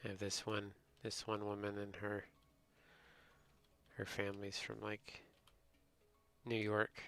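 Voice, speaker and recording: A man's voice: fairly low pitch, completely flat delivery, slow pace, gravelly, a bit bright. A man from the United States, a streamer rambling in casual chat and answering his viewers. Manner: rambling, chatty storytelling, reads and answers chat.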